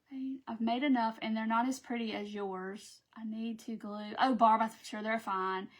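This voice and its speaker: Woman, slightly high voice, chatty live craft host, self-teasing, easygoing. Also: fairly even intonation, normal speed. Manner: chatty, laughing at herself, talking to viewers while working. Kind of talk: live craft stream chat.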